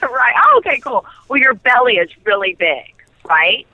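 A woman guest in a casual interview, an excitable storyteller who laughs and jumps high in pitch. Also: normal speed, no room sound, highs cut off. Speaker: interview guest, soap actress.

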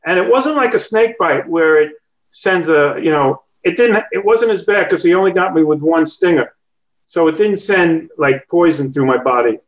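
A man's voice: a little high, lively intonation, moderate pace, low-quality recording. A man calling in to a talk show, telling a story in a rambling way and often correcting himself mid-sentence. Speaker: caller. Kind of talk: casual phone-in chat.

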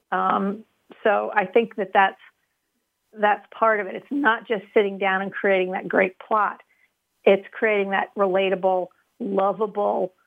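A woman's voice: mid-range voice, dry recording. A woman guest giving earnest, thoughtful opinions in an interview. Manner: earnest, thoughtful, many restarts. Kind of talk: casual interview chat. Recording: tinny phone line.

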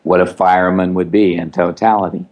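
A man's voice: deep voice, level tone, a little fast, highs cut off. A man co-hosting, giving instructive advice with wry asides in a casual chat. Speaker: co-host.

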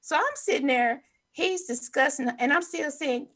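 A middle-aged woman in casual chat, telling expressive stories and often breaking into laughter. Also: high voice, normal speed.

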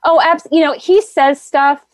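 A middle-aged woman guest telling her story in an animated, rambling way with many fillers. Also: high voice, unhurried, no echo. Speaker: guest, energy healer. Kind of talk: casual interview storytelling.

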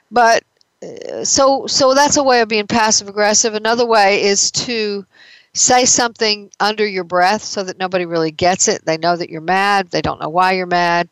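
A woman's voice: mid-range voice, no echo, rough recording. A woman therapist giving a conversational talk on emotions, explaining with everyday examples.

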